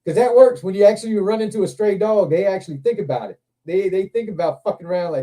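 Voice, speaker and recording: A man's voice: high voice, a little fast. A man telling a long, profane story in casual chat, acting out what he said. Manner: profane, animated storyteller, acts out quotes. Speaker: show host. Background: other men on a livestream hangout.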